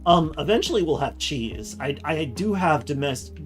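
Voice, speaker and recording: A streamer chatting casually while playing a survival game, laughing often and tossing in quick quoted asides. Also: mid-range voice, very animated, soft background music. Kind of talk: casual gaming chat.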